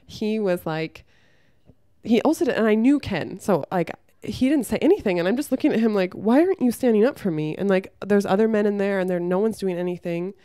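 A young woman talking frankly to camera, giving relationship advice and telling a story from her own life with lively acted-out quotes and some swearing. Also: medium pitch, a little fast, smooth, dry recording, studio quality. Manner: frank and blunt, swears freely; lively storyteller who acts out the people she quotes. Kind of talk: casual advice monologue with storytelling.

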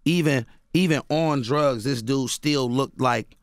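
A man's voice: medium pitch, measured pace, no room sound, studio quality. A man from Oakland, a radio guest telling loose stories packed with "you know what I mean". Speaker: guest author and rapper. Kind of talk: casual radio interview. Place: radio studio.

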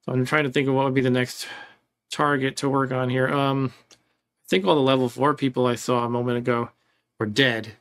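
A man's voice: mid-range voice, little pitch movement, brisk, a bit bright. Chatty man narrating a game playthrough. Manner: rambling, chuckling, reads game text aloud. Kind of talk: casual let's-play commentary.

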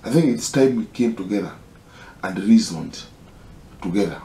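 A man with a Kenyan accent making an impassioned, halting personal appeal, pleading and repeating himself. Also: on the low side, mellow, echoey room. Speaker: concerned citizen.

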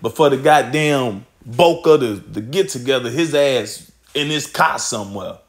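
A man's voice: mid-range voice, animated, unhurried. A man teaching scripture in a loose, casual way, swearing and laughing often as he reads verses aloud.

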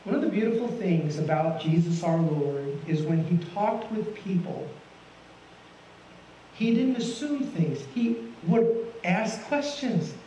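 A male guest pastor preaches a sermon slowly in a high, animated voice with a dark tone, folksy and asking the congregation many questions. He's recorded from a distance in a roomy church sanctuary, with slight background noise.

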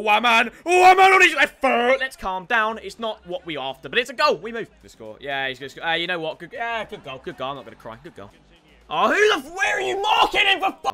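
Excitable gamer shouting at the game. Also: male voice, high voice. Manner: excitable, shouts and groans at the game, talks to viewers as "boys". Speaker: gaming YouTuber. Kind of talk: live gameplay commentary.

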